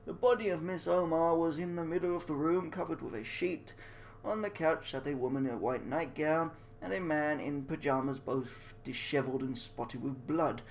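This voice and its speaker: A man's voice: fairly high pitch, moderate pace, a little hiss or hum. A man reading a mystery game aloud with crude, confused, mocking asides. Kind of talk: casual game commentary.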